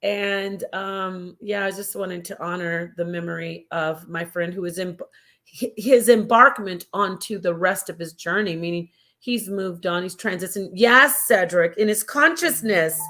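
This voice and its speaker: A woman's voice: fairly low pitch, unhurried, sharp tone. A woman hosting a casual live stream, chatty and digressive, talking to her viewers like family. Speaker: livestream host.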